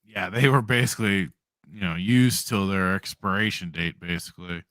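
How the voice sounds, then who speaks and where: A man with a smooth, resonant voice in casual podcast chat, often stammering before he finds his words. The sound is close and dry. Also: sits low, moderate pace, fairly bright tone, no echo. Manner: hesitant, stammering starts, agreeable. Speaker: podcast co-host.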